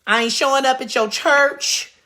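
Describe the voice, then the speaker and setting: A woman telling a comedic storytime rant outdoors in a suburban neighborhood, brash and profane, swinging from loud outbursts to low mutters. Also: steady tone, normal speed. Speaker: vlogger.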